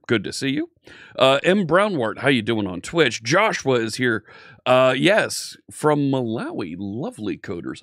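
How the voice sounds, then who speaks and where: A man's voice: mid-range voice, no echo, clean studio sound. An upbeat man hosting a live coding stream, chatting casually and greeting viewers by name.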